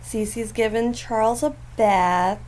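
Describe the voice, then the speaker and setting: A woman's voice: on the high side, fairly even intonation, takes it slowly, a little mellow, a little hiss or hum. A woman hosting a gaming channel, giving chatty, giggly gameplay commentary. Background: faint neighbors outdoors.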